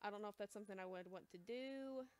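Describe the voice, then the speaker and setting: Hesitant young woman, crisp dry voice. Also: mid-range voice, fast, dry recording. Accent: American. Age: young adult. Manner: hesitant, rambling, says she is quiet and awkward. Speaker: shop livestream seller. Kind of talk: casual livestream chat. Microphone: close mic, chewing gum.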